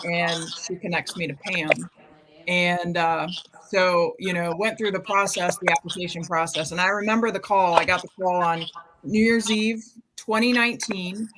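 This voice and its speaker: A woman from the United States in her fifties, a guest who ran a charity marathon, tells a personal story on a live video chat in a chatty way, with lots of "um"s and quoting herself. Her voice is on the low side, and the background is noisy.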